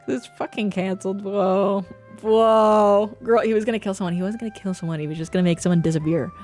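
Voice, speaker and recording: This livestream host talks fast in a mid-range, steady, slightly mellow voice, with faint music behind her. In casual chat with her viewers, she swears without restraint and fusses over her pet.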